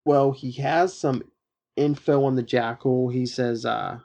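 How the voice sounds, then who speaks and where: A man's voice: medium pitch, steady tone, unhurried, creaky, a little mellow. A man hosting a podcast, casually retelling a comic book plot with lots of "uh" fillers and restarts. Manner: rambling with frequent uh fillers. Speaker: podcast host. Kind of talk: casual chat recapping a comic.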